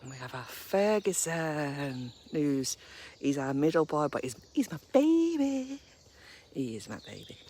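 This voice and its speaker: A woman talking casually to her viewers as she walks through a park at dawn. Her voice swings up and down a lot, rising to a high coo whenever she calls her dogs. Faint outdoor noise and birdsong sit behind her. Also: a little mellow. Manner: chatty, coos at her dogs in a high baby voice. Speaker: vlogger walking her dogs. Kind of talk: casual live-stream chat while walking. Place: woodland park outdoors, early morning.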